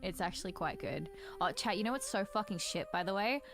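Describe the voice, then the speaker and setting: Sweary woman streamer, very animated. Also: mid-range voice, over music. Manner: profane and blunt, quick swings to loud outbursts. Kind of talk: casual livestream reaction.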